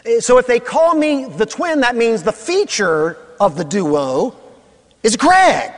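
Animated high-voiced preacher in a reverberant hall. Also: male voice, unhurried. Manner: animated, playful, calls on congregation to respond. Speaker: pastor. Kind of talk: sermon. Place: church sanctuary with congregation. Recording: long reverb of a large hall.

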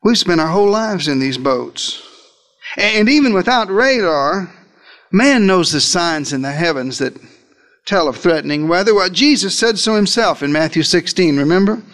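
Speaking at a moderate pace with an expressive, fairly bright voice, this man delivers a dramatic sermon. He tells the story in the first person as if he witnessed it, talking straight to his audience and varying pitch and pace theatrically to stress key points.

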